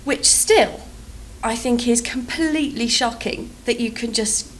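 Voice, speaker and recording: A woman's voice: fairly high pitch, unhurried, a little hiss or hum, poor audio. A British woman in her thirties telling rambling, self-deprecating stories in a casual game-build vlog. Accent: British English. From England. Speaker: vlogger.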